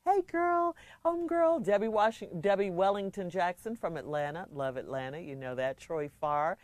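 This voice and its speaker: A middle-aged woman from Chicago hosts a radio advice segment in a fairly low voice. She chats playfully and reads listener letters in an easygoing way. The studio sound is close and dry. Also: normal speed, darkish tone, no echo. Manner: chatty, laughing, playful asides. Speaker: radio co-host giving advice. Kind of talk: casual radio chat, reading listener shout-outs and a letter. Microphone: studio microphone.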